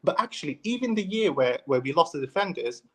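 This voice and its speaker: A man with a notably high voice argues his point with real passion. He drives hard on his points and circles back to repeat them for emphasis. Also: big pitch swings, quick pace. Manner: impassioned, emphatic, repeats himself. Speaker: football fan pundit. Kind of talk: heated fan debate.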